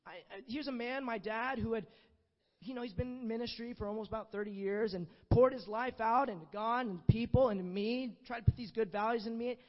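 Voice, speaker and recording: A man's voice: very high-pitched, brisk. A young man giving an earnest, conversational sermon, telling a personal story with many "you know" asides. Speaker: preacher. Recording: dull, muffled sound with long hall reverb.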